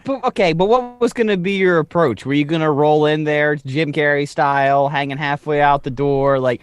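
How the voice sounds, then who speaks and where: A man's voice: on the high side, moderate pace, hardly any pauses, clear, resonant tone, no room sound. A man co-hosting a podcast, sardonic and given to ranting with repeated phrases. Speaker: podcast co-host. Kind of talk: casual podcast banter.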